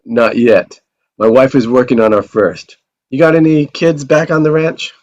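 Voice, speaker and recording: Male actor reads an easygoing, steady cop on muffled audio. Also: mid-range voice, moderate pace, natural voice. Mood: friendly. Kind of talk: table read.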